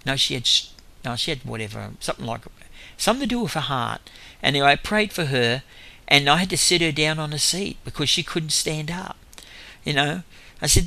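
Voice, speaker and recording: Gravelly Australian man telling stories. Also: fairly high pitch, expressive, brisk, bright, forceful tone. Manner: chuckles between anecdotes; rambling, self-correcting. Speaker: lay minister. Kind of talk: storytelling testimony.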